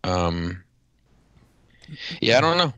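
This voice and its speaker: A man's voice: sits low, sing-song, takes it slowly, bright, forceful tone, clear, resonant tone, no echo. A man in his thirties chatting on a podcast, telling rambling stories and swearing freely. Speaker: podcast co-host. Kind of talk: casual podcast banter.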